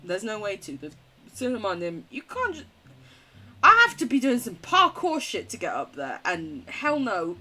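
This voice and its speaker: A woman's voice: medium pitch, huge pitch swings, unhurried, pushed and bright. A young woman streaming a game, reading its text aloud and chatting casually, often giggling and swearing. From United Kingdom. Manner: giggly, swears casually, chats with chat between read lines.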